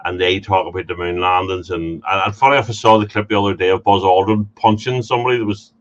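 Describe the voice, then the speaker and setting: A man's voice: low-pitched, fairly even intonation, fast talker, lo-fi sound. A man from the United Kingdom hosting a casual interview, stammering and repeating words as he tells stories. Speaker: podcast host.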